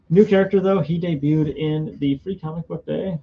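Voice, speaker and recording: A man's voice: fairly high pitch, steady tone, normal speed, vocal fry. A man hosting a casual comic book reading show, chatting and narrating the story in a store. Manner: chatty, reads every part aloud. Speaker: host. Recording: dull lo-fi stream audio.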